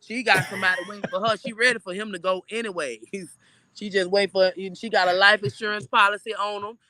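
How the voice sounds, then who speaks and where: A man with a high, bright voice co-hosts a loose late-night style chat. He is blunt and laughs often. The sound is dry and close. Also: steady tone, fairly quick, no room sound. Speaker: talk show co-host. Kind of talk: casual chat. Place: in Florida.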